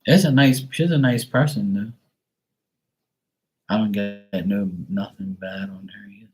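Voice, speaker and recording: A man's voice: fairly low pitch, steady tone, measured pace, a little mellow, soft background music. A young man giving a live psychic reading, talking in a rambling, hesitant way full of fillers and casual swearing. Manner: rambling, hesitant, filler-heavy with mild profanity. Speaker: psychic tarot reader.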